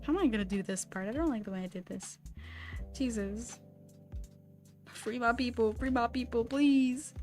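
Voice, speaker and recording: A young woman in her twenties chatting casually on a live stream while she draws, rambling and animated with lots of "like". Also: fairly high pitch, moderate pace, pauses often, faint music behind. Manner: rambling and animated, heavy use of "like". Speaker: streamer and artist.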